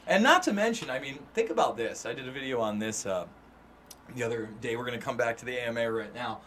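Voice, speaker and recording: A man's voice: medium pitch, expressive, fast, a bit bright. A man hosting a casual livestream chat, emphatic and profane. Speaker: host.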